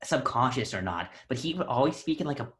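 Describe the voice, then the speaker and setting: A man's voice: mid-range voice, animated, fast, fairly bright tone. A young American man hosting a casual podcast chat, eager and talkative, often cutting in. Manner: eager, chatty, jumps in over the other speaker. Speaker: podcast host.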